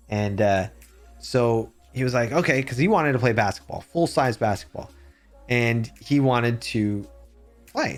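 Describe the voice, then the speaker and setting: A man streaming live, chatting casually with his viewers and telling rambling, animated stories. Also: mid-range voice. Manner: rambling, animated storytelling with chat shout-outs.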